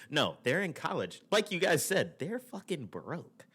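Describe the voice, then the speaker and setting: A man's voice: mid-range voice, huge pitch swings, unhurried, hardly any pauses, fairly bright tone, slightly rough. A young man in his twenties, co-hosting a podcast in casual, profane, laughing banter. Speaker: podcast co-host.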